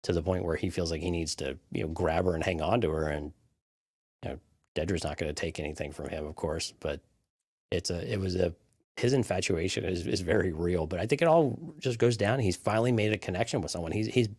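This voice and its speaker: A very low-voiced man co-hosts a relaxed live podcast, mixing wry jokes into his loose, restart-filled talk. The sound is close and dry, with no room around it. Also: brisk, husky, dry recording. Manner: wry joking asides, stumbling restarts. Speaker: podcast co-host. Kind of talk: casual live TV-show breakdown chat.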